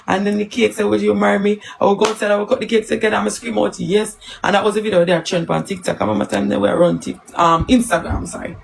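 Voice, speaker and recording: A Jamaican woman hosts a casual live stream. She talks to her viewers and tells stories in patois, with a gravelly, fry-laden voice. A faint hiss of noise sits under the recording. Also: mid-range voice, rough recording.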